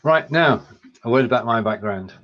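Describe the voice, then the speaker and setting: A British man co-hosting a casual live-stream chat, quick and jokey, laughing often. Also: medium pitch, animated. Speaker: co-host. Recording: dull lo-fi audio.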